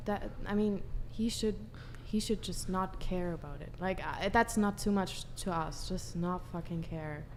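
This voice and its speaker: A woman's voice: on the low side, unhurried, few pauses. Blunt woman guest, faint room noise. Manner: blunt, casual, swears. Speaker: panel guest. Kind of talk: casual opinion chat.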